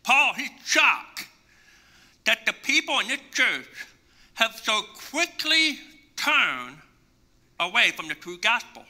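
A man's voice: very high voice, very animated, slow pace, long pauses, pushed and bright. A man preaching a sermon as pastor, emphatic and repetitive, acting out imagined conversations to make his point. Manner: emphatic preaching with repeated phrases; acts out imagined dialogue for illustration.

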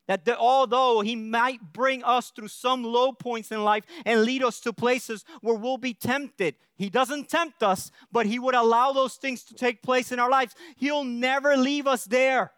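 High-voiced earnest male pastor. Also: fairly even intonation, a little slow, few pauses, fairly bright tone, clear, resonant tone, dry recording, studio quality. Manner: earnest, keeps checking in with the congregation, frequent restarts. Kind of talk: sermon.

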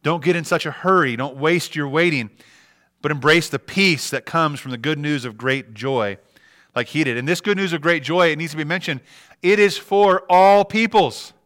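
A man's voice: on the high side, normal speed, pushed and bright. A middle-aged man preaching a sermon as a pastor, earnest, with frequent restarts and rhetorical questions.

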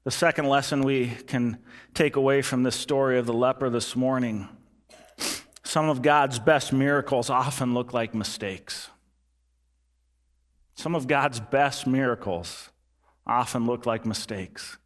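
Here a male pastor gives an earnest sermon, restating key points and going soft and low to underline them. The delivery keeps a fairly level intonation and an unhurried, measured rhythm.

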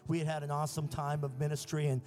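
An American man preaching a prophetic sermon, telling stories and building to shouted fervor. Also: fairly high pitch, level tone, fast. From United States.

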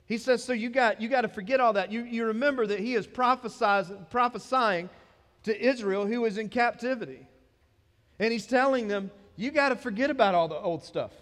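A man's voice: extremely high pitch, brisk, a bit bright. A man with a Southern American accent preaching a sermon as pastor of a church, in a conversational way that builds to emphatic points. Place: church sanctuary. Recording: long hall reverb.

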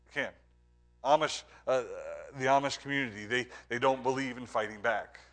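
A man preaching a sermon as pastor, earnest, moving between emphatic points and hushed, quiet lines. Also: medium pitch, fairly even intonation, moderate pace.

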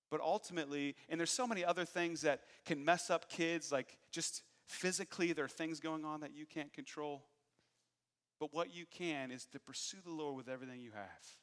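A male pastor in his thirties preaches in a bright, forceful voice and tells candid stories about his own failures with a dry, self-deprecating edge. His words hang in the long reverb of a large church hall. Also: fairly high pitch. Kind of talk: sermon.

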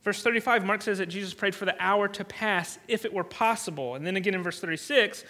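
A man's voice: high-pitched, quick pace, bright, forceful tone. A man preaching a sermon as a pastor, earnest and emphatic, often restarting his words.

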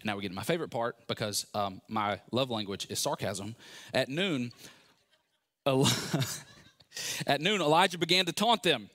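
Animated, sarcastic male preacher. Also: mid-range voice, moderate pace, pauses often. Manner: animated, sarcastic storytelling with acted-out quotes. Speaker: pastor. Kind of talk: sermon.

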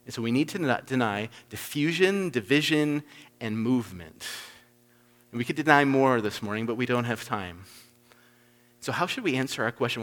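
Emphatic male preacher, slightly high voice. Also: expressive, normal speed, long reverb tail. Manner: emphatic, swings between loud stresses and soft low asides. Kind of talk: sermon.

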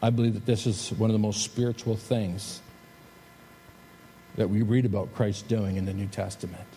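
A male pastor delivers a sermon, swinging between emphatic, lifted phrases and quiet, drawn-out drops. His voice carries a long reverb from a large hall. Faint background noise sits under it. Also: fairly low pitch, steady tone. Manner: preaching with emphatic rises and soft drops. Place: church sanctuary.

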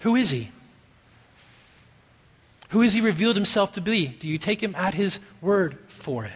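A man preaching a sermon as pastor, emphatic, moving from quiet musing to loud stressed phrases. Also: high-pitched, very animated, moderate pace, husky. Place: church sanctuary. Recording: long reverb of a church hall.

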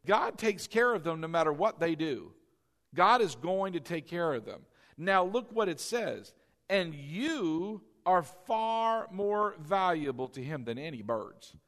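A man pastor preaching a sermon, animated and leading the congregation to repeat lines after him. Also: a little high, a little slow.

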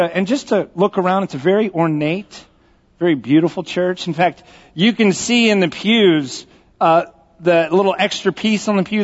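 A high-pitched man preaches in a relaxed, folksy way, teasing his congregation between stories. His voice rings with the long reverb of a church sanctuary. The recording is slightly dull. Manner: joking, folksy, speaks directly to the congregation. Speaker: pastor. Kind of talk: conversational storytelling sermon.

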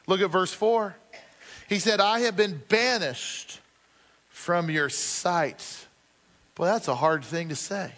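A male pastor preaching a sermon earnestly, asking the congregation questions and slowing down to stress his points. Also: high-pitched, a bit bright, in a large hall.

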